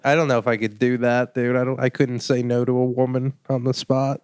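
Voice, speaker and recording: A man's voice: medium pitch, little pitch movement, fairly quick, darkish tone, smooth, no room sound, clean studio sound. A man co-hosting a casual comedy podcast, easygoing and giggly.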